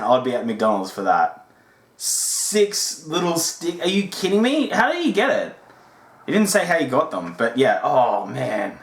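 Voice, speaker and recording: A man's voice: medium pitch, fairly bright tone. A man, hosting a podcast and chatting casually in reaction to old commercials. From Australia. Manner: chatty, laughing, filler-heavy. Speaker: podcast host. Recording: echoey room.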